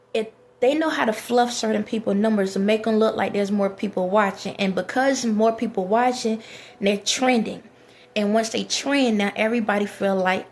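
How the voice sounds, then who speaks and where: A woman vlogger talking to camera in a rambling casual monologue, repeating phrases and restarting sentences. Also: a little high.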